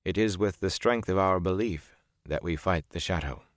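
A man voicing a calm, serene woman of a peaceful wandering folk, speaking placidly and softly in an audiobook. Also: low voice, normal speed, no room sound, clean studio sound, close to an everyday voice. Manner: placid, soft-spoken.

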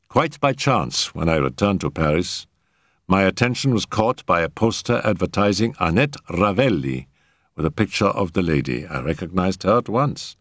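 A man narrating a first-person story aloud in an expressive, varied delivery. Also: low-pitched, no room sound, studio quality. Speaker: audiobook narrator.

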